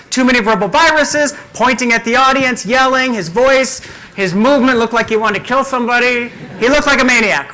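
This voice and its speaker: A man giving a conference keynote as a communication coach, talking in an energetic, emphatic way. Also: very high-pitched, rough recording.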